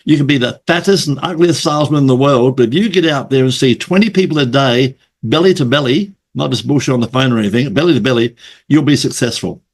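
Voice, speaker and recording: A man's voice: medium pitch, fast talker. A man hosting a casual interview, telling stories, swearing freely and acting out the people in them. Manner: storytelling, swears, acts out quoted voices. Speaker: podcast host.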